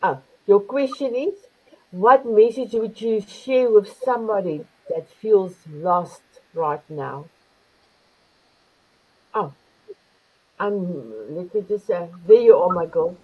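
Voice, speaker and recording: A woman's voice: mid-range voice, slow pace, long pauses, husky. An older woman hosting an online talk show, effusive and affectionate with her guests, heard over muffled video call audio. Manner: effusive, calls guests beautiful. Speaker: host.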